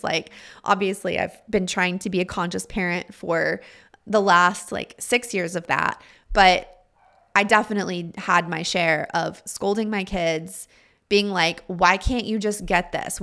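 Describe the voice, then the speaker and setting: A woman's voice: mid-range voice, creaky, a bit bright. A middle-aged woman in a reflective spoken monologue, earnest and confiding, asking her listeners direct questions.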